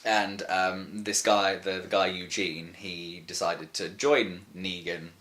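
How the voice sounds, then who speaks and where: A man's voice: deep voice, steady tone, slow pace, a bit bright. A man co-hosting a casual podcast, rambling with lots of fillers and restarts. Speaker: podcast co-host. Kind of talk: casual chat.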